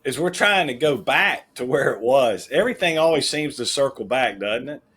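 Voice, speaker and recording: A middle-aged man talks as a podcast guest, with a husky grain to his voice. He tells his stories in an emphatic, folksy, plain-spoken way, with a casual and direct manner. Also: medium pitch, lively intonation, moderate pace, fairly bright tone. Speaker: podcast guest, managing partner of a health-plan firm. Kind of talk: casual interview storytelling.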